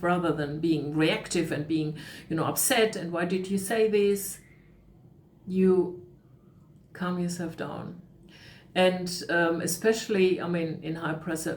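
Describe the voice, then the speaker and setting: Calm coaching woman, echoey room. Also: fairly low pitch. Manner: calm, reflective, acts out inner voices. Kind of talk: talk on emotional coaching. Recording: echoey room with faint noise.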